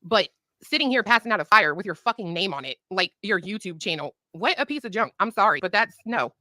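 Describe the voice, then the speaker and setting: A woman's voice: medium pitch, lively intonation, brisk, pushed and bright, no room sound. Blunt, heated woman, dry close sound. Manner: blunt and heated, heavy profanity. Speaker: guest on a livestream. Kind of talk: casual chat.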